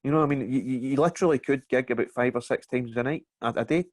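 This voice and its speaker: A Scottish man with a mid-pitched voice tells stand-up stories as a podcast guest, cursing and laughing along with his own anecdotes. The sound is dry and close, with no room echo. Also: fast. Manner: animated storyteller, swears and laughs through anecdotes. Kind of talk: casual podcast chat over a video call.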